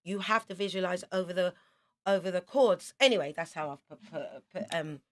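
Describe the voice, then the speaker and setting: A woman in her fifties from South London with a London accent, a singer chatting as a radio interview guest and telling lively stories with quick asides. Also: on the low side. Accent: London English. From South London, England.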